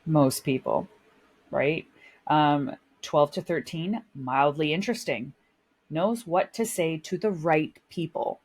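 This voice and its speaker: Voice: medium pitch, takes it slowly, slightly rough. A podcast co-host in casual chat, rambling and self-mocking, laughing often.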